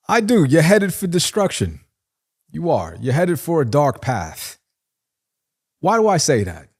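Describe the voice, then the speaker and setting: Brief: man, reaction-video host, slow and deliberate, lively sing-song pitch, lectures with emphasis. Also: breathy edge. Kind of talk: reaction commentary.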